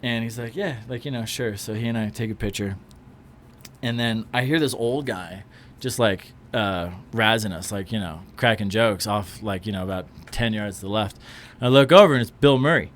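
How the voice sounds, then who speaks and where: A man and actor, a podcast guest, telling an animated story in casual chat and acting out what people said. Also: lowish voice, moderate pace, a little hiss or hum. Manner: animated anecdote-telling, acts out quotes.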